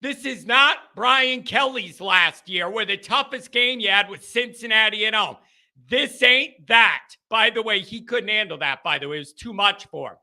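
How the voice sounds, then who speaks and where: High, bright, fired-up male sports host. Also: moderate pace. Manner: fired-up, ranting, swings between shouting and calming down. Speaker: host of a sports call-in stream. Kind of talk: excited sports talk rant.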